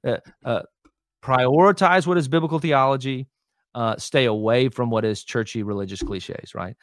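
A man who is a lead pastor, talking casually as a guest on a podcast. He teaches with emphasis, often pressing "right?" and "hear me", with fillers and restarts. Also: medium pitch. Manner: many fillers and restarts, quick asides. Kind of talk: casual conversational interview.

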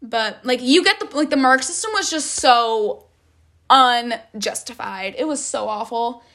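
A woman's voice: a little high, unhurried, fairly bright tone. A young woman telling a storytime rant in a casual, dramatic way, full of "like" and swearing. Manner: heavy filler "like", swearing, dramatic retelling. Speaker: vlogger.

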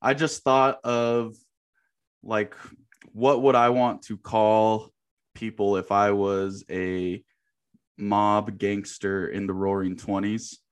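A man's voice: fairly low pitch, little pitch movement, slow pace, clear, resonant tone. Laid-back man, easy laughter. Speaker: podcast co-host. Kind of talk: casual chat.

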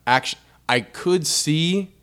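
A young man co-hosting a podcast, chatting casually about sports with an animated, joking manner and frequent asides. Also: fairly high pitch, slow pace, clear, resonant tone. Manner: animated, laughing, trailing off into asides. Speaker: podcast co-host.

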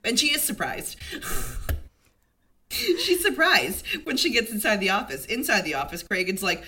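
A woman's voice: on the high side, unhurried. A young woman co-hosting a podcast, recapping a TV episode in casual chat and acting out the characters' lines. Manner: animated, acts out characters in quotes. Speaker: podcast co-host.

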